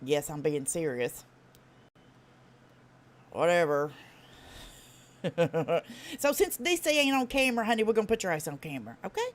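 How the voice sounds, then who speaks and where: Southern woman host with a Tennessee accent; blunt and profane, quick, animated delivery. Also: fairly low pitch. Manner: blunt, profane, folksy drawl; fast talker. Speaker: livestream host. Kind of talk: casual live-stream commentary.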